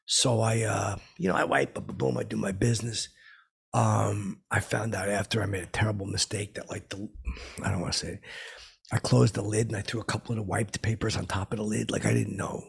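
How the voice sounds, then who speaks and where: A man's voice: fairly low pitch, steady tone, fairly quick, gravelly, breathy edge. A middle-aged man hosting a comedy podcast, telling a rambling comic story full of fillers and profanity.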